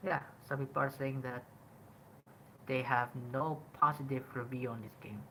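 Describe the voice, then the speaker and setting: A man's voice: medium pitch, moderate pace, slight background noise, low-quality recording. Casual Indonesian-accented young man. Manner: rambling, frequent "like" and "um", animated emphasis. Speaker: podcast host. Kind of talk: casual game review talk.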